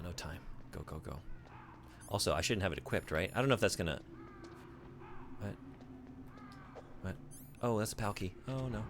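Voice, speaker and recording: Deep gravelly guy streaming a game, rambly, voice bouncing all over, answers chat. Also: a little hiss or hum. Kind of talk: casual gaming stream chat.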